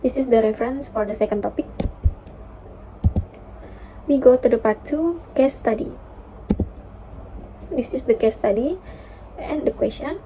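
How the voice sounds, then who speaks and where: Young woman reading a class presentation, very mellow. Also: a little high, unhurried, long pauses, slight background noise. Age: young adult. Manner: careful, steady reading with occasional fillers. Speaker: university student presenter. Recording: dull lo-fi recording.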